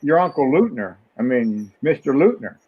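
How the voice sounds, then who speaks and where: A man's voice: medium pitch, very animated, moderate pace, slightly rough. An older man, the host's father and guest, telling rambling stories in a casual chat over the phone. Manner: rambling anecdotes with restarts. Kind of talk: casual storytelling. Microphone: phone call. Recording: tinny phone line.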